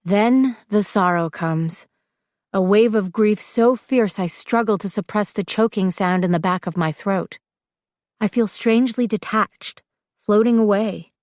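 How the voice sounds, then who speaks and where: A woman reads a first-person audiobook in a measured, reflective voice of middle pitch. The sound is dry and close, with no room around it. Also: darkish tone, no echo. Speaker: audiobook narrator.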